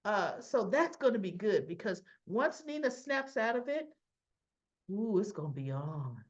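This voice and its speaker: A woman giving a casual, chatty recap of a soap episode, addressing her viewers directly in an animated, gossipy way. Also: mid-range voice, unhurried, dull audio. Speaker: soap opera recap vlogger.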